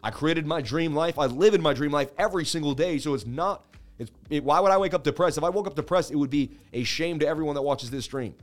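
A man's voice: on the high side, fast talker, soft background music. A middle-aged man hosting a crypto trading livestream, salesy and pumped up, calling viewers baby. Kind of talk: hyped livestream chart talk.

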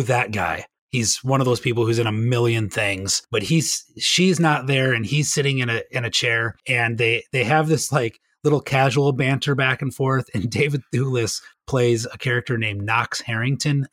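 A man rambling happily through a movie story in casual podcast chat. His voice sits at an ordinary middle pitch. The sound is dry and close, with no room around it. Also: fairly bright tone, no echo. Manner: enthusiastic rambling storyteller, laughs often. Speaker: podcast guest.

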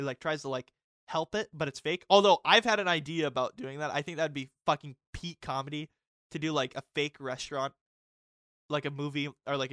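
A young man co-hosting a casual podcast, excitable and swearing a lot, breaking into loud mock impressions. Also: fairly high pitch, no echo, studio quality. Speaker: podcast co-host. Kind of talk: casual chat.

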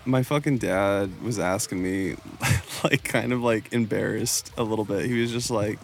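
Gravelly young man chatting casually. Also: lowish voice, normal speed, a little hiss or hum. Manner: laid-back, swears freely, lots of fillers. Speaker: podcast co-host. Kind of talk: casual chat.

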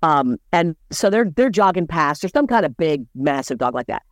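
A woman podcast host telling a story in relaxed, casual chat. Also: low voice, normal speed, no echo, studio quality.

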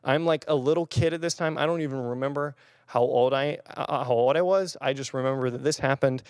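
A young male pastor preaching in a loose, conversational way, with lots of fillers and restarts. His voice sits at an ordinary middle pitch. It is recorded close and dry, with no room echo. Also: fairly quick, a little mellow, smooth. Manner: chatty, rambling with fillers and restarts. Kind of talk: casual sermon with personal story. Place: church or room filmed on camera.

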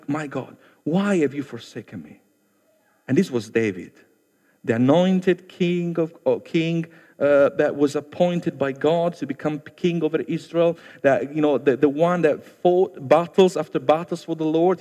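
A man's voice: a little high, darkish tone, long reverb tail. A man with an Italian accent, whose first language is Italian, preaching a sermon in an earnest, conversational way and speaking directly to his listeners.

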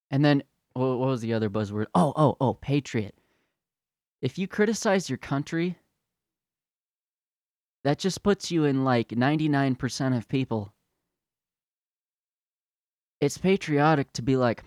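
A man's voice: mid-range voice, expressive, measured pace, long pauses, a little mellow, no room sound, studio quality. A slightly drunk man hosting a podcast, delivering a fiery, profane, sarcastic political rant. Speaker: podcast host.

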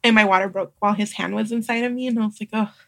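A young adult woman, a midwife guest on a podcast, telling a personal story in a casual, animated way and acting out the voices of others. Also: medium pitch, rapid-fire, vocal fry, dry recording, clean studio sound. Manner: animated, acts out quoted voices, laughs often.

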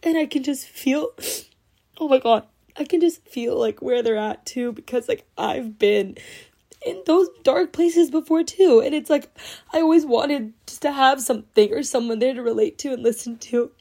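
A young woman hosts her own podcast in a casual solo chat, her voice fairly high and warm at a moderate pace. She gushes emotionally, says "like" constantly, and sounds teary, right on the verge of crying.

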